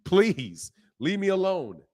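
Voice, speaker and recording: A man in his fifties hosting a boxing live stream, ranting at his chat in an animated, exasperated way. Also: high-pitched, slow pace. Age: 50s. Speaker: boxing channel host.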